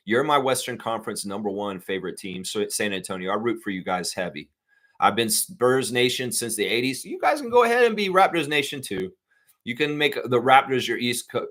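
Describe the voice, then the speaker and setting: A man hosting a live sports fan stream, chatting casually, rambling and reading viewer comments aloud. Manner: gets loud and high-pitched when worked up. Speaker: sports fan livestream host. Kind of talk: casual live chat reacting to news.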